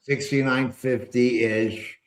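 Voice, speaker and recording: A man's voice: mid-range voice, fairly even intonation, slow pace, reverberant. A man hosting a live trading stream, giving casual market commentary in a rambling, wry way with loose asides and mild cursing. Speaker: trading show host. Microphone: earpiece with a microphone.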